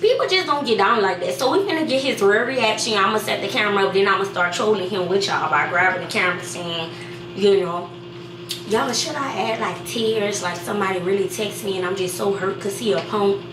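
A woman's voice: mid-range voice, fairly quick, noisy background. A young woman, talking in a brash, rambling, hyped way while she films a prank vlog at home. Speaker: vlogger pranking her boyfriend. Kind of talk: casual prank vlog talk. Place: home room. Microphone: camera set up in the room. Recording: echoey room, far from the camera.

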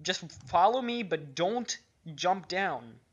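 Bossy gamer guy yelling directions. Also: high voice, animated, takes it slowly, slightly rough, dull audio. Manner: bossy, directs teammates, exclaims loudly. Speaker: gaming co-commentator. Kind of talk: casual game commentary.

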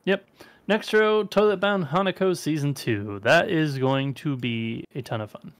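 A man's voice: fairly high pitch, a little slow, dry recording, clean studio sound. A man co-hosting a casual chat podcast, talking in an offhand, wry way and swearing casually. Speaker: podcast co-host.

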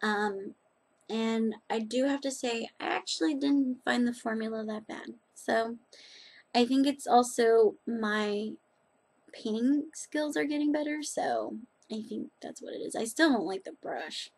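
A woman's voice: a little high, a little slow, a little mellow. A woman chatting casually in a rambling, self-deprecating way as she reviews nail polish on her vlog.

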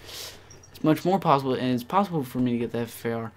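A man's voice: mid-range voice, fast. Rambling young-sounding male gamer. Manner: rambling with many fillers, bursts of excitement. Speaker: gaming channel host. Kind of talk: casual gameplay commentary.

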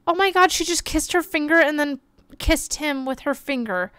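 A young woman streaming a life-simulation game, chatting excitedly and gushing over the characters as she plays. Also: sits high, normal speed, no echo. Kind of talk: life-sim gameplay commentary.

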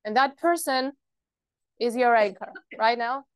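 A woman's voice: fairly high pitch, unhurried, clean tone, no room sound. A woman presenting a practical workshop, explaining earnestly and checking in with her listeners.

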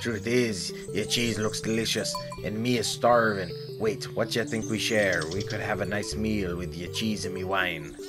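A man voicing a rough-spoken male goatherd in a game, with a wobbly put-on accent somewhere between Irish and French. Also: fairly low pitch, steady tone, moderate pace, hardly any pauses, music in the background, close to an everyday voice. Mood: friendly. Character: gruff rustic male goatherd, hard-drinking, blunt.

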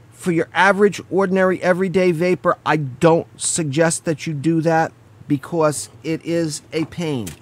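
A man's voice: a little high, a little mellow. A man giving a casual hands-on product review, explaining each step in a chatty way and stopping now and then to apologize for slips.

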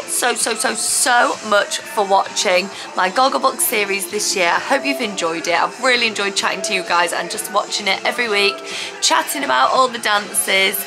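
A woman gushing and squealing excitedly as she reacts to a dance show on TV. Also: medium pitch, rough recording. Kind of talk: watch-along reaction chat. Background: TV show with music playing.

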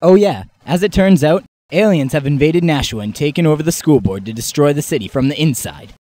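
A man's voice: fairly high pitch, animated, a little fast, dark tone, slight background noise, close to an everyday voice. A teenage boy playing an earnest teen superhero in an amateur comedy sketch. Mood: matter-of-fact. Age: late teens.

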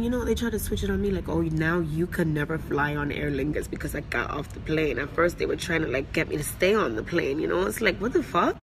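Ranting woman on a noisy phone clip. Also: lowish voice. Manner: profane, ranting, heavy filler words. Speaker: recording artist on tour. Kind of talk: angry venting selfie monologue. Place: airport terminal. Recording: noisy phone recording with vehicle sounds.

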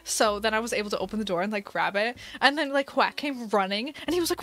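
A young woman casually telling a story while streaming a game, chatty and animated with many fillers and laughs. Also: on the high side, a little fast, soft background music. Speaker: gaming livestream host.

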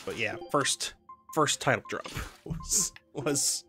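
A stream co-host chats casually over gameplay, asking lots of questions and laughing easily. Game music plays clearly behind the voice. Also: mid-range voice, slow pace, bright, forceful tone. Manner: chatty and inquisitive, laughs often.

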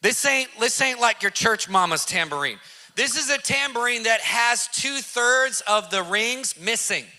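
A man's voice: very high voice, unhurried. A man preaching through a personal story in casual slang, acting out the voices of the people in it and repeating lines for emphasis. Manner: excited, acts out quoted voices, repeats phrases for emphasis; casual slang, addresses listeners directly. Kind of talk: animated testimony storytelling.

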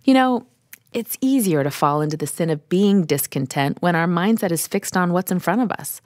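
A woman hosting a Christian radio program, talking in a calm, conversational, reflective way. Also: on the low side, normal speed, no echo. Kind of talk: reflective radio host commentary. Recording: dry studio voice over soft music.

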